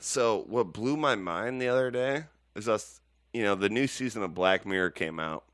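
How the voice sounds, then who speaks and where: Podcast co-host, rambling, joking man with a smooth, low voice, dry close mic. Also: lively intonation, normal speed, a bit bright, dry recording. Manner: rambling, laughing, profane. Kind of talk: casual podcast chat.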